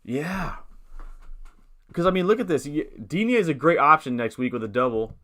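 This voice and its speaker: A man's voice: fairly high pitch, lively intonation, normal speed, sharp tone. A young man streaming live, casually talking through fantasy football teams and reading chat, rambling and upbeat, with hiccups. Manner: thinks aloud, reads chat, rambling and upbeat.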